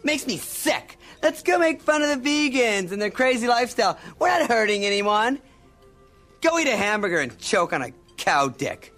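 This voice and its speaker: A sneering vegan-shop clerk. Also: male voice, very high-pitched, very animated, moderate pace, fairly bright tone, exaggerated voice. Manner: sneering, bitter rant. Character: snippy effeminate man working at a vegan restaurant. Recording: film clip with faint music.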